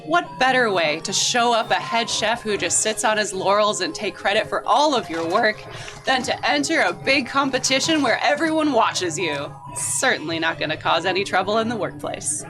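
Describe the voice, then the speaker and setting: A woman narrating a tabletop game as game master, in a relaxed, descriptive way with casual fillers. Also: mid-range voice, normal speed, music in the background. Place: tabletop session with friends.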